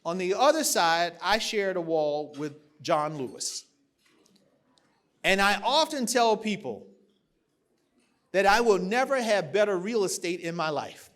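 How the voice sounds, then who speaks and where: High-voiced man giving a keynote. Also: big pitch swings, a little slow, pauses often, a bit bright. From South Carolina, USA. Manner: folksy storyteller rising to rousing, emphatic oratory. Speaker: keynote speaker at a party dinner. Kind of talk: political keynote speech with storytelling. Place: large banquet hall, at a podium.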